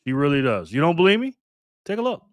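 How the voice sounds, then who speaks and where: A man's voice: fairly high pitch, sing-song, fast talker. Upbeat man hosting a live stream. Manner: upbeat, greets viewers by name. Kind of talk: casual live stream chat.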